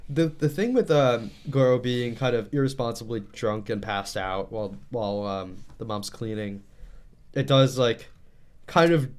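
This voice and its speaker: A man in casual chat as a manga discussion co-host, enthusiastic and quick to laugh. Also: medium pitch. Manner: enthusiastic, laughing, acts out quotes.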